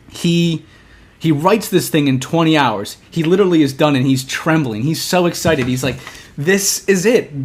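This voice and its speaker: A young man co-hosting a podcast, telling a long story in casual chat, animated, restarting often and acting out the lines he quotes. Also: fairly high pitch. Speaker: podcast co-host.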